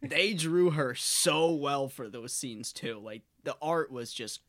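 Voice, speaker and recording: A man in casual chat about an anime episode, excited and slangy, laughing often. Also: medium pitch, slow pace.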